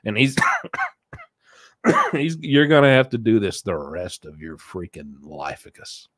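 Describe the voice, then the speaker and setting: A man giving sarcastic reaction commentary on a recorded phone call, mumbling low, then bursting out in exasperation. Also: sing-song, normal speed, no echo, clean studio sound. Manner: sarcastic, mocking, swings between mumbling and exasperated outbursts.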